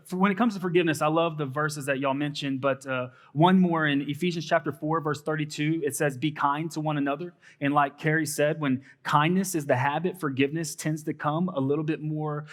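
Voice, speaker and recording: A man's voice: on the high side, a bit bright. A man with a Texan accent hosting a church panel, talking earnestly and rambling with fillers. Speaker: panel host, college minister. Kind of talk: casual panel talk.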